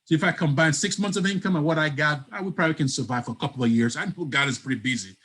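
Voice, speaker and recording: A man's voice: fairly high pitch, very fast, slightly rough, poor audio. A man telling a personal story as an interview guest, acting out the lines of people in it. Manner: animated storyteller, acts out dialogue. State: breaks up at times on the line.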